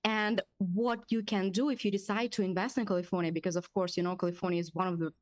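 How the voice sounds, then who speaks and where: A woman's voice: medium pitch, steady tone, fast talker, dry recording. A woman real estate attorney speaking as a radio guest, confident and practical as she advises listeners.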